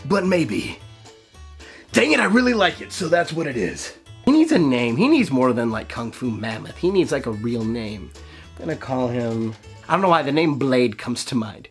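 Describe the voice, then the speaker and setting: A man's voice: mid-range voice, very animated, normal speed, faint music behind. A young man and voice actor hosting a casual chatty video in a playful, giggly way. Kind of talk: casual chat.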